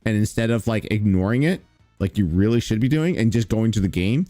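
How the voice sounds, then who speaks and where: A man's voice: lowish voice, a little fast, warm tone, no echo, faint music behind. A man hosting reaction commentary, talking in a sarcastic, mocking, profane way. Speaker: streamer commentary host. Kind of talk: reaction commentary on stream clips.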